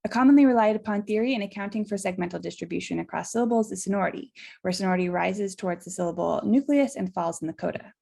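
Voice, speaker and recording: Fast, creaky-voiced woman presenter. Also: medium pitch, mellow. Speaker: conference presenter. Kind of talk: scripted short poster talk.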